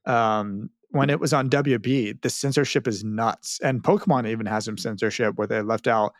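A man's voice: fairly low pitch, steady tone, moderate pace, no echo, clean studio sound. A man hosting a podcast, chatting casually and reading listener mail with wry, self-mocking humor. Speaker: podcast host.

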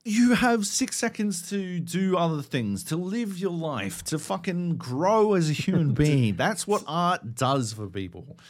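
A man co-hosting a gaming podcast, telling stories in a loud, sweary, mock-indignant way. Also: fairly high pitch, very animated, measured pace, hardly any pauses. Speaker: podcast co-host. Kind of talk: casual chat.

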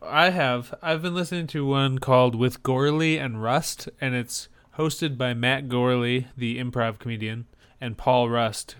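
Male podcast co-host, casual rambling, clean smooth voice, mid pitch. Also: fairly bright tone. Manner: rambling, many fillers and restarts. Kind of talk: casual chat.

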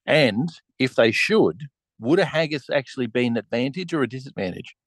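A man's voice: mid-range voice, lively intonation, moderate pace, dry recording, poor audio. A man hosting a casual podcast chat over a remote call, asking questions in a wry, mock-serious way. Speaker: podcast host.

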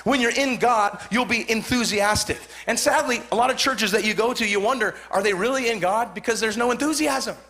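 A pastor in his forties with a Southern Californian accent, preaching a fervent sermon, repeating phrases and building to shouts. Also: extremely high pitch, brisk, few pauses. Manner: fervent, repetitive, rising to shouts.

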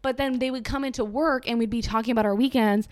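A woman's voice: on the high side, steady tone, quick pace, no echo, studio quality. A woman in her twenties ranting casually and sarcastically, rambling with lots of fillers.

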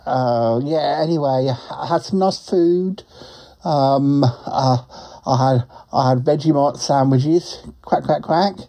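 In this comic monologue, a man speaks slowly in a dark, mid-range voice as a good-natured duck reporter on the road. The talkative bird rambles on, giggling and tacking quacks onto what he says.

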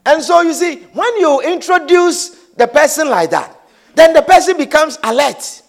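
Man, pastor, sermon, lively swooping pitch, emphatic repetition. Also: normal speed, creaky. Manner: repetitive, emphatic, asks the audience "do you understand?".

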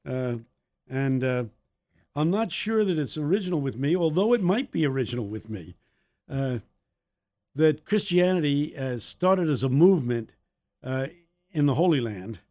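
A man's voice: on the high side, lively intonation, normal speed, darkish tone. A man co-hosting a podcast, telling anecdotes in a casual faith discussion. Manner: anecdotal storyteller. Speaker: podcast co-host.

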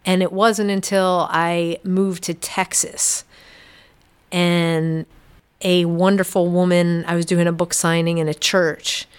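A middle-aged woman, a podcast guest, giving an earnest, halting personal testimony in a quiet, reflective way. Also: fairly low pitch, level tone, smooth.

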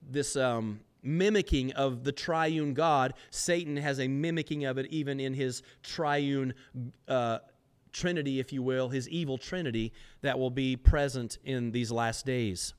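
Male podcast host, preacher type: slightly high, smooth resonant voice, emphatic, rhetorical questions. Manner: repeats words while searching, slows for stress. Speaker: podcast host teaching scripture. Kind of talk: sermon-style Bible teaching.

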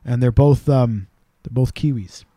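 A man telling stories in a casual, animated way as a podcast co-host, now and then doing quick voices of the people he quotes. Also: mid-range voice, no room sound, clean studio sound. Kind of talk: casual storytelling chat.

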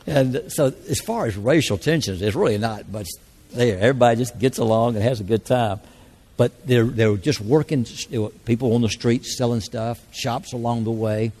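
Male preacher, mellow tone, folksy earnest storyteller, church service. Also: medium pitch. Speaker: church speaker. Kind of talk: sermon with altar call and mission stories.

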